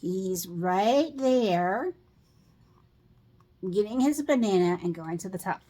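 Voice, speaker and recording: A middle-aged woman reading a picture book aloud to children, pausing to ask them questions about the pictures. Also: medium pitch, animated, mellow. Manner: slow, asks children questions.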